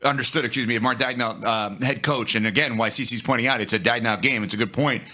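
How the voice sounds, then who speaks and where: A man co-hosting a sports talk show, arguing his take in an animated way and speaking straight to the audience. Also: medium pitch, fast. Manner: animated, talks to the audience directly.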